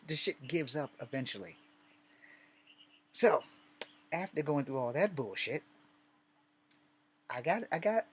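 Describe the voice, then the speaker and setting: A man's voice: mid-range voice, a little hiss or hum. A man from Virginia telling personal stories in a candid, rambling and profane way, in a casual vlog.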